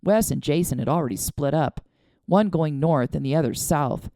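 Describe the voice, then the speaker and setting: An audiobook narrator, a woman with a gravelly, expressive, low-pitched voice, reads a novel at normal speed as scripted narration. The studio recording is clean with no room sound.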